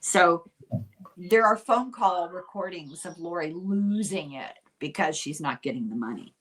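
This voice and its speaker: A woman's voice: on the low side, lively intonation, a bit bright. Older woman, chatty storyteller. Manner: chatty and unhurried, dry asides. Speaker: podcast host. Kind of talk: casual true-crime storytelling.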